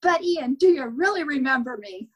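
As a podcast guest, an older woman wistfully tells personal stories in casual conversation, laughing now and then. Her voice is high-pitched with lively intonation at a moderate pace, and the audio is poor.

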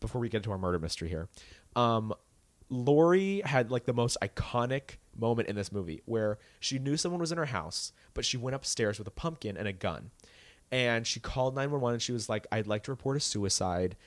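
Animated man ranting in a dry room. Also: mid-range voice, fairly quick, no echo. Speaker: podcast co-host. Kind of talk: casual chat.

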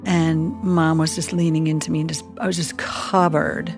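A middle-aged woman with a deep, gravelly voice recounts an emotional moment from her work as a chaplain. She talks earnestly and casually, slipping into the voices of her own thoughts. Soft music sits faintly underneath. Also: flat delivery, normal speed. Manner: earnest, emotional storytelling with acted-out inner voices. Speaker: hospital chaplain. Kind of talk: casual podcast storytelling.

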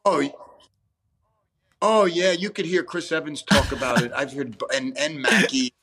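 A man's voice: on the high side, fairly even intonation, moderate pace, pushed and bright, slightly rough. A man, an actor guest talking casually in an interview, rambling with restarts and frequent swearing. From New York, USA.

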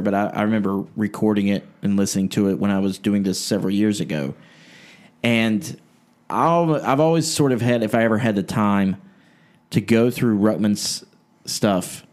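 A man's voice: lowish voice, darkish tone. A man hosting a podcast, chatting in a critical, conversational way. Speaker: podcast host. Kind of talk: casual podcast chat.

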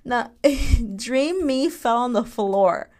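A young woman hosting a podcast on her own, telling her dreams in a candid, animated way, with frequent laughs and swearing. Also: fairly high pitch, takes it slowly. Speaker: podcast host. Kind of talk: casual solo podcast chat.

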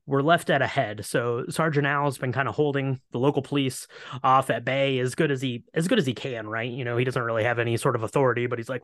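A man's voice: medium pitch, quick pace, fairly bright tone, no room sound, clean studio sound. A man co-hosting a casual chat, retelling a film's plot in a rambling way with lots of fillers. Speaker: podcast co-host. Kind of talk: casual movie recap chat.

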